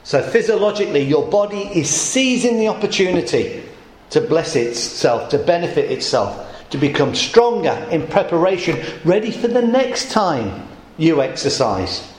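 A man's voice: fairly high pitch, sing-song, normal speed. A man preaching a sermon in a conversational way, asking the congregation questions. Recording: echoey church room.

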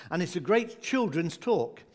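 A man's voice: sits high, sing-song, a little slow, darkish tone. A man preaching a sermon in a conversational, humorous way, with asides and jokes for his congregation.

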